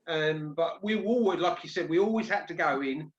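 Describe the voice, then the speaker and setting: A man's voice: a little high, expressive, brisk. A man hosting a casual discussion show, talking conversationally with frequent restarts. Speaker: host. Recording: dull lo-fi audio.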